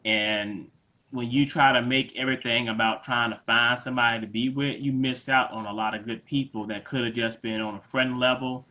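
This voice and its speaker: Relaxed male co-host, bright open tone, thoughtful chat. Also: mid-range voice, moderate pace, muffled recording. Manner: laid-back, reflective, acts out quoted lines. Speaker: podcast co-host. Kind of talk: casual conversation.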